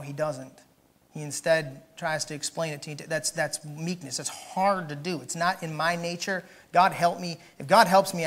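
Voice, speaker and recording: Man in the pulpit, bright and forceful, who builds to shouts and then drops to low asides while checking the room. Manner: swings from shouted emphasis to quiet, joking asides; asks the congregation questions directly. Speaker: pastor. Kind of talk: sermon. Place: church.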